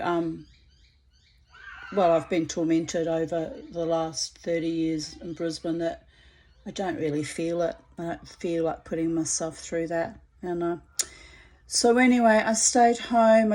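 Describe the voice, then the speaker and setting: A woman's voice: lowish voice, a little mellow. Chatty, theatrical middle-aged woman vlogging. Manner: chatty, theatrical and rambling, with many fillers and asides. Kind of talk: casual spoken vlog. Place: at home. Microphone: phone camera.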